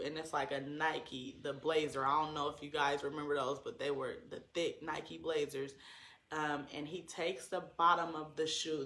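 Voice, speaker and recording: A man recounts a personal story for his viewers, earnest and emotional, leaning on likes and ums as he goes. His voice sits a little high for a man, with a gravelly fry and a bright, tense edge. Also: echoey room, slight background noise.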